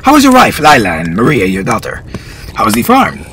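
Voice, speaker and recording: A man's voice: medium pitch, wildly swooping pitch, brisk, gravelly, a bit bright, a little hiss or hum, full character voice. A man voicing a courtly older chancellor who is genial but patronizing, in a storybook reading.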